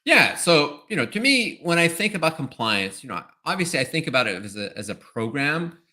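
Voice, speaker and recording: A man's voice: fairly high pitch, sing-song, fairly quick, bright, forceful tone. A man answering as an expert guest in a webinar interview, explaining step by step and often checking in with "right?". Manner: explanatory, tags points with "right?".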